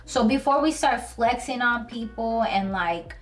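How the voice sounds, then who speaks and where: A woman giving an earnest, casual Bible talk to her viewers, telling it with lively, slangy storytelling and plain emotion. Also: fairly high pitch, a little slow, distant mic, soft background music. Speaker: Christian video host.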